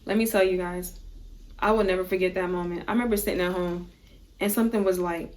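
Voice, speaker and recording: A woman's voice: medium pitch, steady tone, a little fast. A woman vlogger talking earnestly to her viewers in a motivational vlog, repeating her points for emphasis and pleading with them directly. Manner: repetitive, emphatic phrasing.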